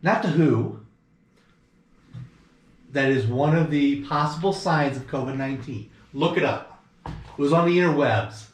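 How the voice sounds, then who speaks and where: A man with a fairly high voice, co-hosting a local radio show, reading out listener messages and joking around. He is playful and quick to laugh. The studio sounds roomy around him. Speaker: radio co-host. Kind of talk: casual radio banter.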